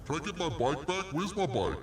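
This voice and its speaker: A man's voice: on the high side, big pitch swings, brisk, a little hiss or hum. A man streaming a game, ranting in exasperation and swearing at what happens on screen. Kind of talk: live gameplay commentary.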